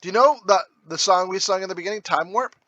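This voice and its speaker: A man co-hosting a casual podcast chat, enthusiastic and quick to laugh. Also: high voice, sharp tone, dry recording, dull audio. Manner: enthusiastic, laughs easily, hums snatches of songs. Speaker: podcast co-host.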